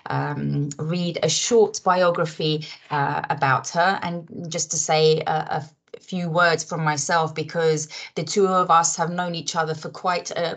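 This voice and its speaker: Low-voiced woman co-hosting a webinar. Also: fairly bright tone. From Croatia. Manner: friendly, laughs often, many "um" fillers. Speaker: webinar co-host. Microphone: video call.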